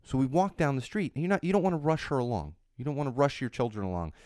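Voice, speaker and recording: A man's voice: medium pitch, animated, fast, dark tone, dry recording, studio quality. A man in his thirties hosting a parenting talk, emphatic and repetitive, with many fillers and restarts. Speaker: parenting podcast host. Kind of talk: casual solo talk.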